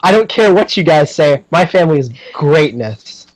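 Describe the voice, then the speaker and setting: Upbeat, slightly high young male podcast host. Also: moderate pace, low-quality recording. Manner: chatty and animated, many fillers, laughs often. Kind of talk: casual podcast chat.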